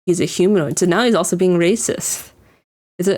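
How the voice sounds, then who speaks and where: A woman with a fairly low, slightly mellow voice talks a little fast while casually reacting to an anime episode. Her commentary rambles, filled with "like" and restarts, and she chuckles while describing scenes.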